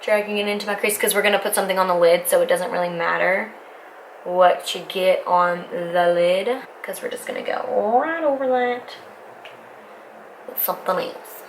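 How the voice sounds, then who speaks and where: A woman's voice: medium pitch, steady tone, normal speed, poor audio. A young woman in her twenties, a beauty vlogger chatting casually and rambling as she walks through a makeup tutorial at home. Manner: rambling, self-interrupting, talks while applying makeup. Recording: faint background noise.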